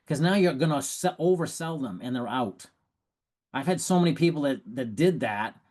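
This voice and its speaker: A man giving sales coaching tips in a lively, animated way, acting out prospects' lines and laughing at his own stories. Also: medium pitch, moderate pace. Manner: animated, acts out prospects and quotes. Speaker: sales trainer. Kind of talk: coaching talk.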